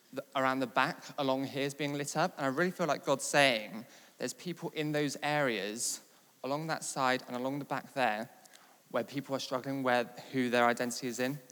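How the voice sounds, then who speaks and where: A man from England preaching and telling a testimony story, building from steady talk to loud, animated retelling. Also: medium pitch. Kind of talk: sermon testimony. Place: large church hall. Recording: long reverb of a large hall.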